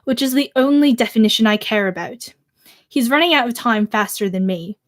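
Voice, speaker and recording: A storybook narrator with a wobbly attempt at an Irish accent, as a teenage girl reads aloud, fairly high and halting. The read is careful and measured. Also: close to an everyday voice. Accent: amateur attempt at Irish. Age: teens. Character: first-person narrator of a war novel, read in a put-on Irish lilt. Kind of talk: reading a novel aloud.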